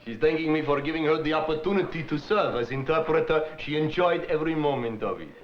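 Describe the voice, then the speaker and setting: A man's voice: a little high, fast talker, natural voice. An actor playing a courteous Russian father who is formal and polite, hesitating as he searches for English words. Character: courteous Russian father, visiting ballet company head. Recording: dull old TV audio with hiss.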